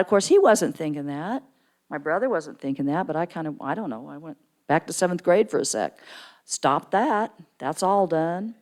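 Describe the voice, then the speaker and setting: A middle-aged woman tells a personal story from the pulpit of a church. Her voice sits a little low, and she keeps leaping up in pitch to act out what people said. The delivery is warm storytelling rather than formal preaching. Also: normal speed. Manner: animated storyteller, acts out quoted voices with big pitch jumps. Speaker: guest speaker at church. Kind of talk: storytelling sermon. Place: church sanctuary.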